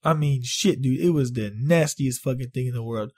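A man vlogging, telling a story in casual, profane talk, animated and exaggerating. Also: medium pitch, moderate pace, breathy edge. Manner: animated, swears a lot, exaggerates.

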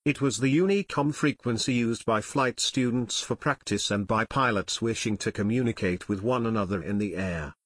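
A man narrating a full-length audiobook in a steady storytelling manner. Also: fairly low pitch, normal speed, few pauses, no echo, studio quality. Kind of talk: scripted narration.

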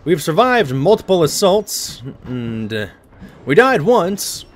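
A man's voice: a little high, sing-song, slow. A man chatting casually while streaming a horror game, joking at his own expense. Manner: chatty, self-deprecating. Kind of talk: live gameplay commentary.

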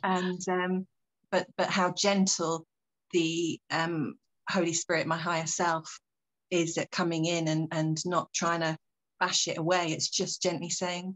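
A woman in an online meditation group sharing a personal reflection, earnest and gentle, with some hesitation. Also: lowish voice, little pitch movement, a little slow, low-quality recording. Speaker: meditation participant. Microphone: video call.

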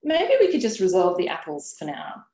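Woman reading as a polite young mum, conciliatory, low voice, echoey. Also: huge pitch swings, moderate pace, warm tone. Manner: courteous and conciliatory. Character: polite, bewildered young single mother. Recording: roomy webinar audio.

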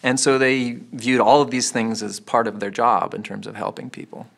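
A man with a gravelly, sharp-edged voice speaks in a documentary interview. He explains plainly, repeating his phrasing as he goes. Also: medium pitch, flat delivery, normal speed.

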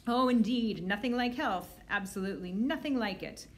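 A fussy, pompous man who runs an orphanage, as a woman reading aloud puts him on. He talks in a raised, fussing pitch with bursts of loudness. It is a storybook reading. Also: normal speed, lightly acted. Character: fussy thin male orphanage director.

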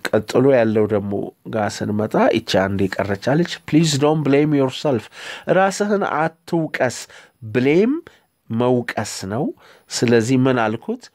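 An Ethiopian-accented man who speaks Amharic as his first language teaches English phrases to beginners. He says each phrase slowly and deliberately, then repeats it. His voice sits at an ordinary pitch and sounds close and dry, with no room echo. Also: lively intonation, darkish tone. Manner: slow, careful repetition of model phrases. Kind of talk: language lesson.

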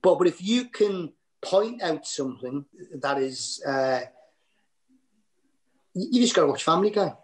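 A man's voice: a little high, lively intonation. A man with a Geordie accent, a comedian chatting as a podcast guest, rambling and laughing at himself. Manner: rambling, restarts and fillers, quick to laugh at himself. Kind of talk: anecdotal podcast chat.

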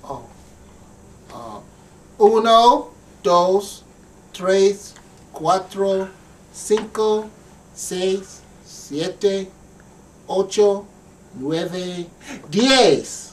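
Man voicing a childlike puppet sidekick, high voice, very slow, short gasping replies, distant mic. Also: a little hiss or hum. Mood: counting.

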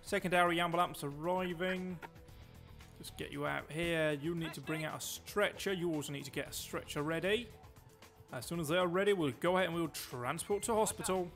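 A man giving excitable, chatty live commentary while he plays a game, joking to himself as he goes. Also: on the high side, a little fast, faint music behind. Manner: excitable, talks loud, quips at himself. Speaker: streamer.

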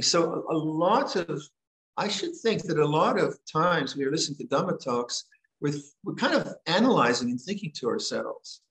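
An older man teaching at a monastery, giving a gentle, conversational dhamma talk with frequent restarts. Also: on the high side, reverberant, rough recording. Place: monastery hall.

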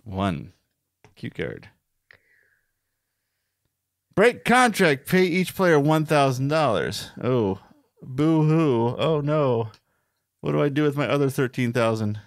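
A man bantering over a board game, complaining with sarcastic jabs. His voice leaps around in pitch as he talks. The sound is close and dry, with no room echo. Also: big pitch swings, slow, long pauses. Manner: sarcastic, grumbling commentary. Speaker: board game show co-host. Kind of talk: casual play-through banter.

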